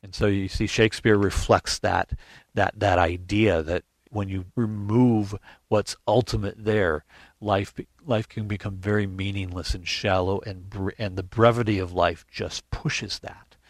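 A man's voice: on the low side, steady tone, measured pace, no echo. A man preaching a sermon in an earnest teaching tone, reading scripture aloud and often restarting his phrases. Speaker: pastor.

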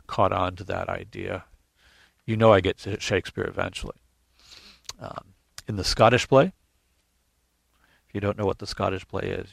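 A pastor with a low-ish, gravelly voice preaches a sermon in an earnest teaching tone, reading scripture aloud. He often restarts his phrases, and there's no echo.

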